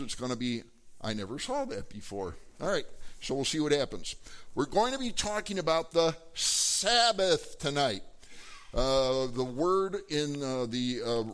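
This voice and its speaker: A man preaching a sermon, talking in a loose, conversational way with frequent fillers and rhetorical questions to the congregation. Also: mid-range voice. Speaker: pastor.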